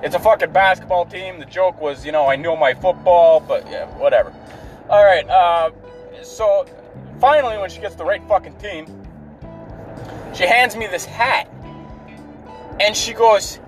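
Sitting in a car with faint music in the background, a man with a high, light voice rants about his day, swearing freely and sounding fed up the whole time. He talks at normal speed with long pauses, telling an exasperated, profane story.

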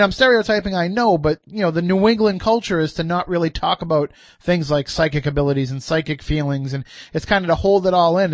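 Fast-talking male radio host. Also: sits high, no echo, highs cut off. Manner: rambling questions with restarts. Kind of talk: casual radio chat.

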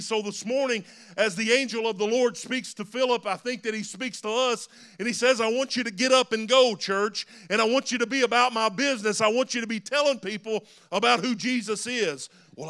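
A man's voice: high voice, a bit bright. A man preaching a sermon in a church, earnest and rising to emphatic calls. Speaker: pastor. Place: church sanctuary.

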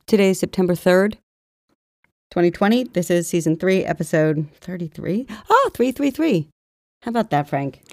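A woman co-hosts a casual podcast, chatting and reading old diary passages aloud in an even tone. Her voice is low and mellow. The recording is dry and close. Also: moderate pace, dry recording. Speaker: podcast co-host.

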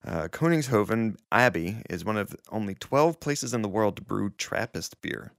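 A man's voice: fairly low pitch, expressive, normal speed, vocal fry, dry recording, clean studio sound. A man hosting a casual beer podcast, joking with friends and reading out news items. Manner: jokey, reads news items aloud. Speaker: podcast host.

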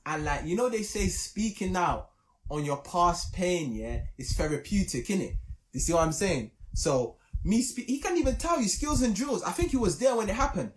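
A young man, telling a story in casual podcast chat, animated and emphatic. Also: high voice, normal speed.

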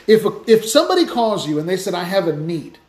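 A man hosting a Christian podcast, telling stories in a lively, casual way with many restarts. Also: sits high, fairly quick, reverberant, slight background noise. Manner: animated storytelling with many restarts. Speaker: podcast host, Christian speaker. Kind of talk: casual faith talk.

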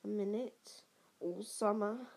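A woman's voice: medium pitch, slow, creaky, a little mellow, voice pushed up. A woman voicing mischievous teenage twin boys in a storybook reading, with raised, teasing banter. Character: cheeky teenage boy twins, teasing and mischievous.

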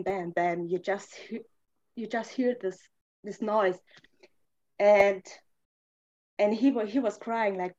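A woman sharing a personal testimony, earnest and halting, pausing often on fillers and restarting her sentences. Her English phrasing is non-native and her voice sits at an average pitch. The recording has a slightly dull, lo-fi sound. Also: darkish tone. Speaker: podcast guest.

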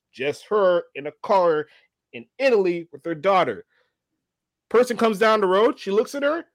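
A man co-hosting a podcast, retelling a show in animated casual chat with frequent laughs. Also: sits high, dry recording, studio quality. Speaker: podcast co-host. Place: livestream studio.

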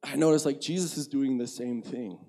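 A man's voice: medium pitch, moderate pace, warm tone. A young man giving a sermon in a conversational, candid way, acting out his own inner dialogue. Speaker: preacher.

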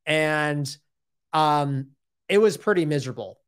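Candid rambling man, slightly high voice. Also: a little slow, clear, resonant tone. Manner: rambling and candid, says dude and like a lot. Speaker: personal trainer telling his story. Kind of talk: casual personal storytelling.

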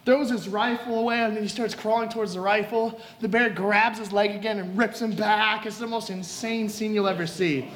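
This high-voiced preacher keeps a moderate pace with few pauses, retelling a story within his sermon. He narrates with energy and acts the scenes out.

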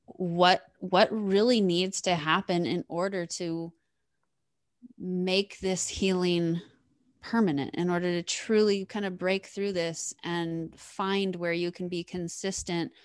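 Woman hosting a podcast, low smooth voice, dry sound, earnest and chatty. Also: steady tone, takes it slowly, no room sound. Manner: enthusiastic, earnest, repeats words often. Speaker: podcast host. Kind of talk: casual podcast chat.

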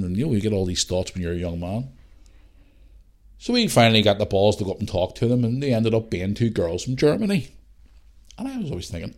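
A man's voice: lowish voice, expressive, fast, darkish tone. A Northern Irish man in his thirties hosting a podcast, telling rambling stories in casual chat and swearing freely. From Northern Ireland. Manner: swears a lot, rambling storytelling. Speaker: podcast host.

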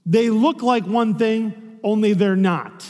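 High-voiced pastor preaching in a reverberant hall. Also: male voice, takes it slowly. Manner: conversational preaching, asks the room rhetorical questions. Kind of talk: sermon.

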